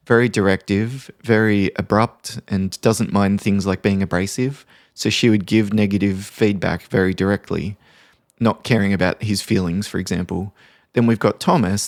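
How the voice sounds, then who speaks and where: A man's voice: lowish voice, dry recording, studio quality. A man hosting a podcast as a mediator, telling a workplace story casually and wryly, with frequent asides. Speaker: podcast host and professional mediator. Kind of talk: reflective storytelling monologue.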